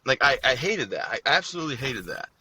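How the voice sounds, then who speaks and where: A man's voice: medium pitch, very animated, pushed and bright, husky. A man in his thirties, an Army veteran guest, telling blunt and joking stories in a casual interview. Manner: joking, blunt, fast-talking storyteller.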